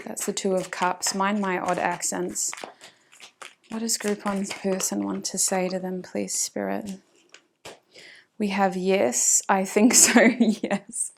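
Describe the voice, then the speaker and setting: A woman's voice: mid-range voice, fairly even intonation, slow pace, creaky, a little hiss or hum. A woman with an Australian accent giving a casual tarot reading, chatting to spirit and to her viewers and often laughing. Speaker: tarot reader.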